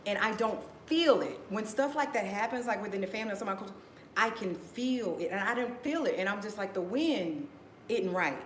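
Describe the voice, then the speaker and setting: A woman's voice: mid-range voice, animated, brisk. A woman vlogger telling a personal story in a rambling way, repeating phrases as she goes. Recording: echoey room with background noise.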